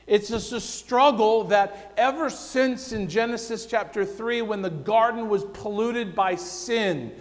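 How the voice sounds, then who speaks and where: Male pastor, sermon delivery, high voice, ringing hall, swings from loud pleas to hushed passages. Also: measured pace, few pauses. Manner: swings between loud pleading cries and hushed, quiet passages. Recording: long hall reverb.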